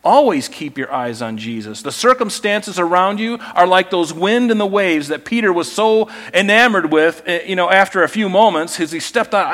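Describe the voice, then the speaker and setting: A male pastor preaching a sermon in a conversational, animated storytelling way. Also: high voice, moderate pace, hardly any pauses.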